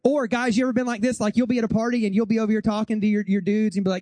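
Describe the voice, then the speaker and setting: A middle-aged pastor delivers a funny, conversational sermon in a notably high voice, talking right to the crowd and acting out quick bits. The sound is dry and close, with almost no room around it. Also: male voice, steady tone, dark tone, no echo. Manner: chatty, joking, addresses the congregation directly; acts out voices and gestures in quick asides. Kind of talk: humorous sermon.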